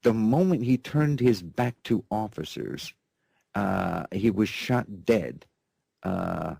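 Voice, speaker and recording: A man's voice: on the low side, slow, gravelly, mellow, breathy edge, no echo. A man hosting a sarcastic news commentary show, rambling and mocking, often repeating himself. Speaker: host.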